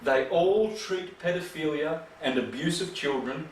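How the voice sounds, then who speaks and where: A man's voice: a little high, a little slow. A man giving a rambling, emphatic lecture full of rhetorical questions. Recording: echoey room from far off, faint noise.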